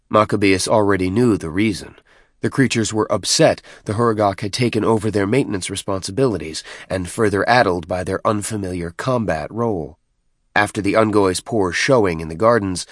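A man giving scripted audiobook narration with a steady, measured reading. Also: on the low side, no echo, studio quality.

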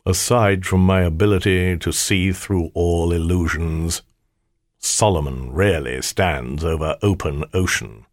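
A man's voice: deep voice, measured pace, dry recording, studio quality. Man voicing an aloof ancient ring spirit. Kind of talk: audiobook character voice.

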